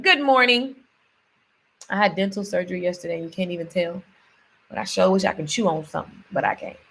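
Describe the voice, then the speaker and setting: A woman's voice: mid-range voice, creaky, a bit bright. A woman, talking casually and upbeat in a motivational vlog, reciting affirmations and chatting with her viewers, often repeating words for emphasis. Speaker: vlogger.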